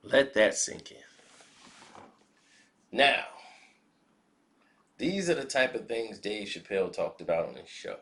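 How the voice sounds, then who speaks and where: Slow, gravelly male commentator. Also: on the low side, a bit bright. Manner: measured, reflective, asks rhetorical questions. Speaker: commentary vlogger. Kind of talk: spoken commentary.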